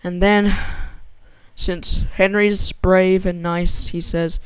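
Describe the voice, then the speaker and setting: Young gamer, rambly and giggly, smooth voice, dry close mic. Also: mid-range voice, flat delivery, slow, no room sound. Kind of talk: casual gameplay commentary and joke telling.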